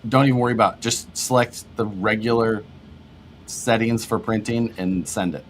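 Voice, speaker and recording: Low-voiced man reading chat comments. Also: moderate pace, a little hiss or hum. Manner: relaxed, laughs often, reads viewer comments aloud. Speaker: livestream co-host. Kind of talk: casual livestream chat.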